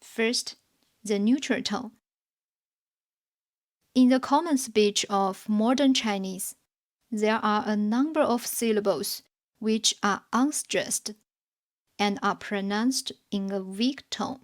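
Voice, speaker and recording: A woman narrating a scripted beginner language lesson, explaining rules in a measured, carefully enunciated way. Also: mid-range voice. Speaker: language teacher.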